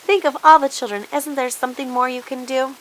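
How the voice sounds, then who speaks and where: A woman reading aloud and voicing Charlie, a curious, excitable young boy, in a storybook, pitching her voice higher. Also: a little fast, a little hiss or hum, rough recording.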